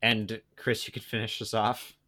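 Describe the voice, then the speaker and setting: A man's voice: lowish voice, flat delivery, moderate pace, sharp tone. Rambling young man on a podcast. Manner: rambling, joking, lots of fillers. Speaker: podcast co-host. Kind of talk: casual chat.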